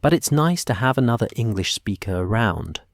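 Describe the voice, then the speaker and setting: A man's voice: on the low side, very animated, brisk, creaky, no echo, clean studio sound. A man doing a mild Welsh dragon handler. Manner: mild, comfortable.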